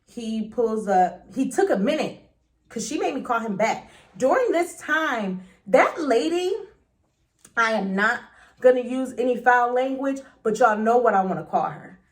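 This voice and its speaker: A young woman telling a dramatic story in a chatty storytime vlog, full of slang and quick swings between loud and hushed. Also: on the high side, lively intonation. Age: young adult. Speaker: vlogger.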